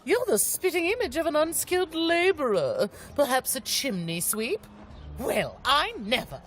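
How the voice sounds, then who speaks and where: A woman's voice: sits high, big pitch swings, a little slow, fairly bright tone, heavily acted. A woman voicing a snobbish, condescending noble lady in a video game, lecturing primly on manners. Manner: prim, condescending, lecturing on etiquette.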